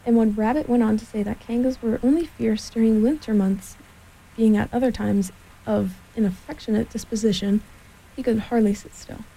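A woman reads a children's storybook aloud in a gentle, steady manner. Her voice is mellow and dark, with a gravelly, husky grain. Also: a little high, moderate pace, rough recording.

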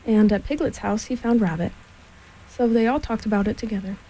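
A woman reading a children's storybook aloud in a gentle, steady way. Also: on the high side, brisk, a little hiss or hum, poor audio.

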